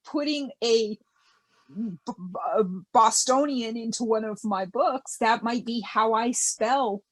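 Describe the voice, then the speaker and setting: A woman's voice: on the high side, unhurried. A woman author from New England, chatting in a friendly way as a podcast guest and laughing easily. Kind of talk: casual interview chat.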